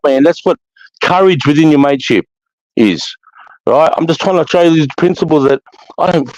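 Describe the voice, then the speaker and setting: A man's voice: fairly high pitch, a little mellow, no echo. An Australian man hosting a live chat, talking bluntly with heavy swearing and preaching with emphasis. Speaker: host of a live chat show. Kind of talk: casual spoken monologue. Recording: dull lo-fi dry audio.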